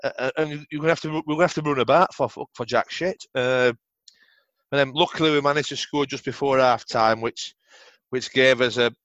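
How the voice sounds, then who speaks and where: A man's voice: medium pitch, fairly even intonation, fairly quick, fairly bright tone, dry recording, muffled recording. A middle-aged man with a Yorkshire accent telling rambling, sweary football stories in a casual interview. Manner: swears freely, rambling anecdotes. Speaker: podcast guest, former footballer.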